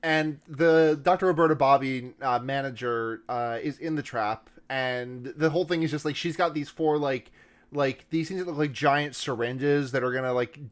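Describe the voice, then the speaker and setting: A man co-hosting a casual film-review podcast, rambling with lots of fillers and restarts and casual swearing. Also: medium pitch. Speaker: podcast co-host.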